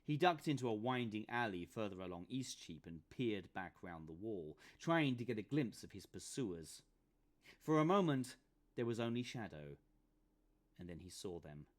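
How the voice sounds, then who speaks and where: A man's voice: lowish voice, big pitch swings, moderate pace. A man, the author, reading his comic novel aloud with dramatic, playful storytelling. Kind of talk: expressive book reading.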